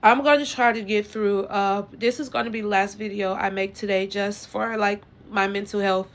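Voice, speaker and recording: A woman telling her own story to her viewers in a casual, earnest way, rambling and halting with lots of fillers and restarts. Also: mid-range voice, steady tone. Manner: earnest and emotional.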